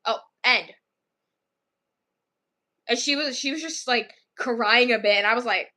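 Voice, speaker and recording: A woman's voice: a little high, measured pace, pauses often, pushed and bright. A young female vlogger casually telling a long story, rambling with many "I was like" asides.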